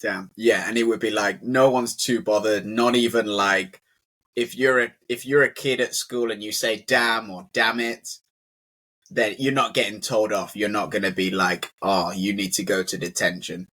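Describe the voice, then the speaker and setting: A man's voice: fairly low pitch, steady tone, moderate pace, pushed and bright. A British man teaching English in a casual conversational lesson, chatty and full of "like" fillers.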